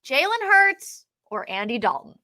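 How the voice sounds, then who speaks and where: Bright, excitable woman talking football. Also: high-pitched, unhurried. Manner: excitable, trails off and restarts. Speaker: podcast co-host. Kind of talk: casual sports chat.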